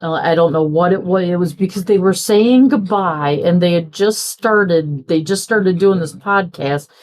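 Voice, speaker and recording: Slow-talking, low-voiced woman chatting. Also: darkish tone. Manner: chatty, rambling, acts out quoted dialogue. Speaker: crafting vlogger. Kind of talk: casual chat while crafting.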